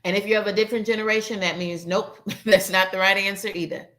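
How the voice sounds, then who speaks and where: A woman's voice: medium pitch, steady tone, quick pace, a bit bright. A woman hosting a casual live-stream game night, reading viewers' answers and chatting with them as y'all. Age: adult, 21 or older. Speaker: livestream game night host.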